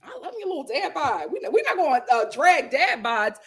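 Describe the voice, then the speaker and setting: A woman's voice: high-pitched, big pitch swings, normal speed. A woman hosting a casual reality TV recap and reading viewer comments, opinionated and talking straight to her audience. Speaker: host.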